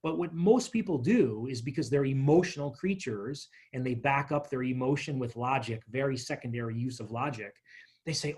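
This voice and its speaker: Husky-voiced man teaching money basics. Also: medium pitch, a little fast. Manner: energetic, chatty, tells stories with acted quotes. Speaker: financial literacy workshop presenter. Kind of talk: workshop talk walking through a workbook.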